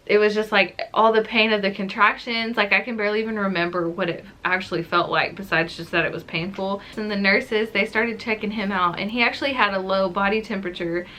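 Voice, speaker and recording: A woman's voice: medium pitch, fairly even intonation, brisk, hardly any pauses, sharp tone, soft background music. A young woman telling a personal story to her camera in a chatty, casual way, with many "like"s. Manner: chatty, says "like" often. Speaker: vlogger.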